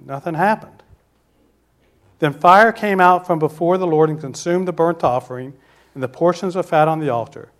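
Higher-voiced man preaching a sermon. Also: fairly bright tone. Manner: poses questions to the congregation and answers them himself; slows down to stress key words.

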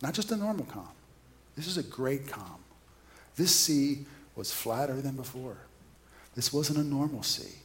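A man's voice: mid-range voice, lively intonation, unhurried. Male preacher, conversational sermon, storyteller who questions his listeners.

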